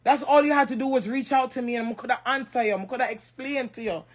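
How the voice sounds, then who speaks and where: This high-pitched Jamaican social media personality talks fast with a steady tone. Crying on a livestream, she rants emotionally, hammering the same points and raising her voice now and then.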